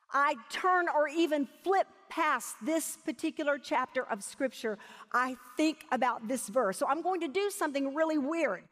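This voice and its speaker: A woman teaching a sermon with emphasis, slowing down to stress key words. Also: high-pitched. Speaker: Bible teacher. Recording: long hall reverb.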